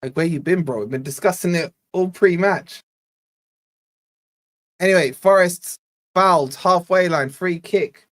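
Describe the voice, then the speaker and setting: A man's voice: high-pitched, unhurried, long pauses. Scottish-born man doing live football commentary. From Scotland. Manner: casual play-by-play, bantering with live chat. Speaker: fan channel host.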